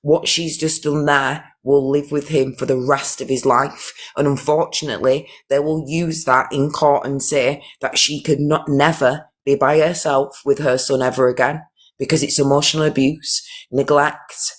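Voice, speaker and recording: Indignant man, flat voice. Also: fairly high pitch, normal speed. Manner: indignant, emphatic, repetitive restarts. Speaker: live stream host. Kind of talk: live-stream commentary.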